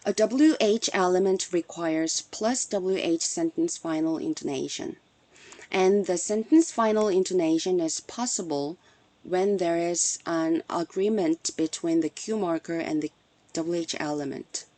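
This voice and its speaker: A woman delivers a prepared academic talk at a conference. Her voice sits fairly low and sounds soft and mellow, and she reads in a measured, explanatory way. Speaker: conference presenter. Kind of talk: scripted academic presentation.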